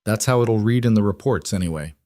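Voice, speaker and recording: A man's voice: fairly low pitch, fairly quick, dark tone, no echo, clean studio sound, lightly acted. A man doing a cool, calculating federal lawman. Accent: Eastern American. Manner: neutral, professional, conversational. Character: cool federal marshal from the East, smooth and calculating.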